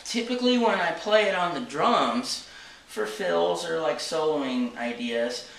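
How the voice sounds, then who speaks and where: A man's voice: fairly high pitch, expressive, a little slow, gravelly, a bit bright, far from the mic. A man teaching drums, explaining each step plainly and checking in with a frequent "okay?". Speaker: drum teacher. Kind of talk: casual instructional talk. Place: drum studio. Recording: echoey room from off-mic.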